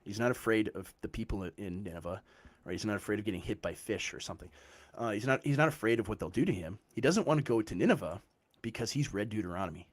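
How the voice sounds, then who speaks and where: Animated man explaining scripture. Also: lowish voice, fast talker. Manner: animated, explains with frequent "right?" checks. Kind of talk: casual theological discussion.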